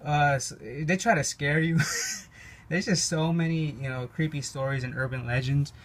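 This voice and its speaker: A man's voice: on the high side, steady tone, moderate pace. A young Mexican American man talking casually about his own experiences, rambling with many fillers, swearing and laughing often. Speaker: YouTube card game channel host. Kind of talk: casual storytelling monologue.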